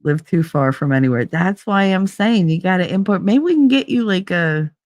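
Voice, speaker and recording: A woman hosting a livestream, chatting casually with her viewers, animated, swearing freely and laughing often. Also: lowish voice, normal speed, no echo, studio quality. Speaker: livestream host.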